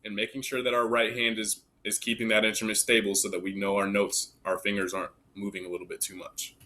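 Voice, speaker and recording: A man's voice: fairly low pitch, completely flat delivery, fast, pushed and bright, a little hiss or hum. A man teaching young children a recorder lesson, patient and encouraging, counting the beats aloud with them. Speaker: elementary music teacher. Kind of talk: recorded online music lesson.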